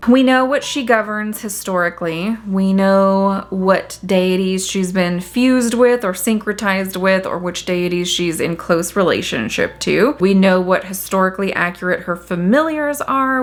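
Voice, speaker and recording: A chatty woman vlogger explaining mythology in a casual way, often unsure of how to say names. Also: fairly low pitch. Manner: chatty, unsure of name pronunciations. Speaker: witchcraft vlogger. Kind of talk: casual informative talk.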